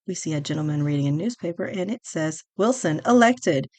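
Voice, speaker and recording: Low-voiced woman podcast host. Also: quick pace, dark tone, no echo. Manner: earnest, reads on-screen text aloud. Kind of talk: casual scripted commentary.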